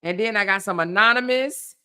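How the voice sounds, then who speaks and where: A woman's voice: medium pitch, fairly quick, sharp tone, clean tone. A woman hosting a casual live stream, chatty and laughing often as she thanks viewers by name.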